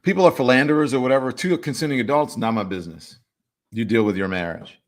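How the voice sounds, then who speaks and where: A man hosting a livestream talk show, reading viewer comments and reacting in an animated, emphatic way with teasing asides. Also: medium pitch, fast talker.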